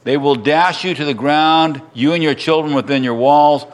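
A man's voice: a little high, normal speed. A middle-aged man preaching a sermon as pastor in a church, acting out crowd cries and restarting his sentences.

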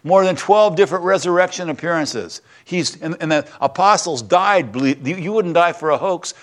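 A man's voice: a little high, moderate pace. A man preaching a sermon in a conversational, storytelling way, with joking asides. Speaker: pastor.

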